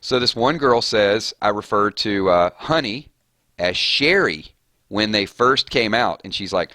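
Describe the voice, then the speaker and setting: A man's voice: on the low side, lively intonation, a little slow, bright, forceful tone, no room sound, clean studio sound. A man chatting casually with his viewers while live-streaming a game, rambling off on tangents. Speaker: gaming streamer.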